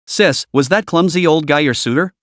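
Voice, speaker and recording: A man voicing a cocky, flippant young man who teases with deadpan mockery in a story recap. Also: on the high side, normal speed, no echo, clean studio sound, natural voice. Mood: mocking. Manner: mocking, deadpan teasing.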